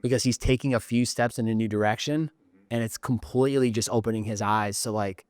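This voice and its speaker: A man's voice: medium pitch, steady tone, a little fast, no echo. A male host leads a casual studio interview, encouraging his guest and reflecting back what he heard. His voice sits in a mid range and sounds dry and close to the mic. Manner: warm, encouraging questioner.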